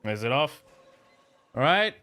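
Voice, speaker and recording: A man's voice: on the high side, sing-song, measured pace, bright, forceful tone. A young man live-streaming a video game from a home setup, joking with chat, rambling, swearing freely and stumbling over words.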